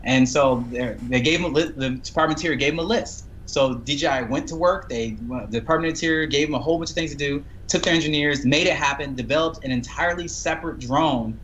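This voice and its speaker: Fast-talking man telling a story. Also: fairly high pitch, highs cut off, a little hiss or hum. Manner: animated storytelling with acted quotes. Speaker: guest drone entrepreneur. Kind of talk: casual live-stream chat.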